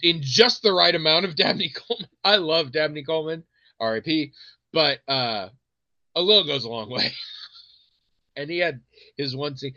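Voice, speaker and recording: A man co-hosting a podcast in casual chat, telling stories animatedly with quick restarts and putting on voices now and then. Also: on the high side, bright, forceful tone, no room sound. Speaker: podcast co-host. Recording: dry, slightly muffled mic.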